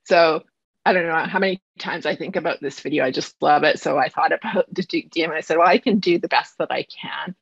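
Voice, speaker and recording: A woman high school math teacher from Canada giving a live online presentation, speaking fast and earnestly with slight nerves, from home over a video call. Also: creaky, slightly rough, no echo, lo-fi sound.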